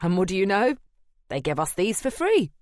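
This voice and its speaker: A woman narrating an audiobook, voicing a joking, easygoing man who works at a gallery, raised in pitch. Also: sing-song, normal speed, no room sound, studio quality. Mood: jokey. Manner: jokey and breezy. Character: joking, easygoing British male gallery partner.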